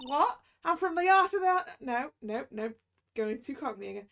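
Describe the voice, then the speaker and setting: A woman voicing a loud, excitable young woman, attempting an American Southern accent. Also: high voice, moderate pace, gravelly, a little hiss or hum, exaggerated voice. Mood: brash, excited.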